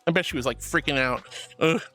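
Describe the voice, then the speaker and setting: A woman's voice: fairly low pitch, lively intonation, normal speed, soft background music. A woman streaming live and chatting with her viewers, playful and theatrical, calling them darling and honey. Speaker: virtual streamer.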